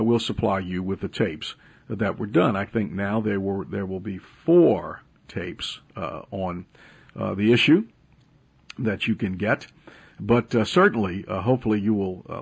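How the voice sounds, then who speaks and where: A man with a gravelly, husky voice delivers a radio Bible lesson as a pastor. He talks in a loose, conversational way with plenty of hesitations, then lifts his pitch and presses hard whenever he drives a point home. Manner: emphatic preaching, rising in pitch when stressing points; conversational with frequent uh fillers. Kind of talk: radio Bible teaching broadcast.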